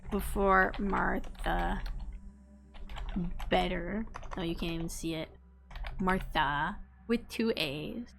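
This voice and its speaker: A woman's voice: on the low side, unhurried, vocal fry, fairly bright tone, slight background noise. A woman streaming a story game, chatting casually and thinking aloud at a desk microphone as she picks options. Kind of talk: casual gameplay commentary.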